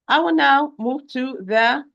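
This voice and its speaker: Patient woman teaching recitation, slightly high voice, shows sounds slowly and repeats them. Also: gravelly, fairly bright tone, dull audio. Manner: patient, repeats and checks with "okay?". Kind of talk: online lesson.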